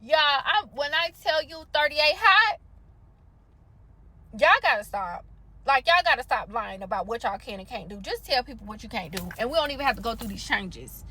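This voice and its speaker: A woman telling an animated, slangy, exasperated story about a salon visit, in a storytime vlog. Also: high-pitched, normal speed.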